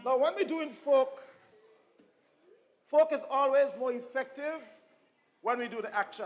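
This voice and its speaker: A Grenadian man leading children in a folk call-and-response class, lively, playful and encouraging, repeating his instructions. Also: extremely high pitch, a little slow, pauses often. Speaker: folk music workshop leader. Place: indoor music fair.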